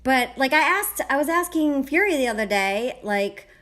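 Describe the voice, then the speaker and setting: A woman's voice: sits high, expressive, moderate pace, fairly bright tone. Giggly woman hosting a game stream. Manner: laughs often, reads chat aloud. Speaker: livestream host and clan leader. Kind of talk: casual chat on a game livestream.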